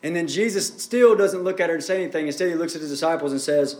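A man's voice: a little high, quick pace, darkish tone, roomy sound. A man preaching a sermon as pastor, building up and easing off in intensity. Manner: preaching with rising and falling intensity.

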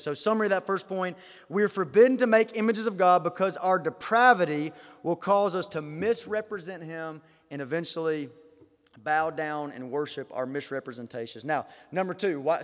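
A man preaching a sermon as pastor, impassioned, swinging from loud declarations to quiet asides and often repeating words. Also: high-pitched. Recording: reverberant hall.

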